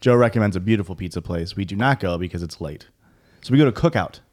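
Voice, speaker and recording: A man's voice: sits low, expressive, fast, a little mellow. Dry wry man telling a story. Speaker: podcast co-host. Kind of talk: casual comedic storytelling. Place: echoey room.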